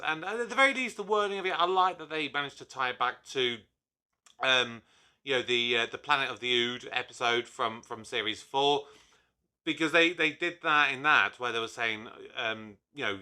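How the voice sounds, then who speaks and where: A man's voice: medium pitch, pushed and bright, clean tone. A man hosting his own review channel, talking casually with enthusiasm and rambling into frequent asides. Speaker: YouTube reviewer host.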